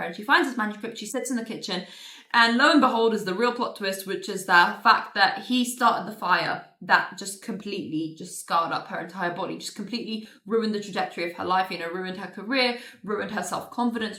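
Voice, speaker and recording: A woman's voice: mid-range voice, pushed and bright. Sarcastic woman ranting about a book. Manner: exasperated, sarcastic, swears freely; rapid plot recap with filler "like". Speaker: book reviewer. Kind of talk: casual book review vlog. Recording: roomy echo.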